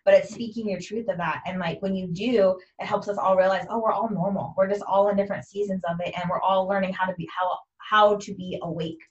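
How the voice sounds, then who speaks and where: A chatty woman who talks loudly and keeps agreeing as she speaks. Her voice sits at an ordinary pitch. She is recorded at some distance from the mic, and the sound is dull. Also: fairly even intonation, a little fast, hardly any pauses. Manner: loud talker, affirming, chatty. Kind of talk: casual conversation.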